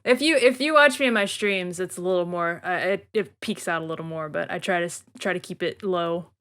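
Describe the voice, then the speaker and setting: A woman with a bright, sharp tone and a Southern American accent chats as a podcast co-host. She speaks in halting bursts, restarting her sentences as she goes. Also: on the low side. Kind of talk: casual podcast chat.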